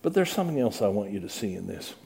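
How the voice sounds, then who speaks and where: A middle-aged man preaching a sermon, earnest and pleading, building to loud dramatic peaks when he tells the story. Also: lowish voice, big pitch swings, quick pace, creaky.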